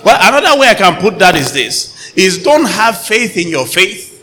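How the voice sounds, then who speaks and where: A male pastor preaches with a fairly high, bright and forceful voice, often calling on the congregation for an amen. He bursts into loud acted-out voices as he retells stories. The sound rings with long hall reverb over faint background noise. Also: very animated, moderate pace. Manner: calls for amens, acts out voices loudly. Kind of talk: sermon.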